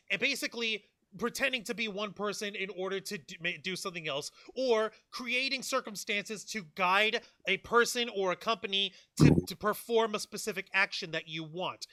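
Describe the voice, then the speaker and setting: A high-pitched man with a very bright, cutting tone, recorded dry and close. He co-hosts a live news chat, talking in an animated, excitable way and tossing in quick asides. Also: no echo. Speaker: podcast co-host.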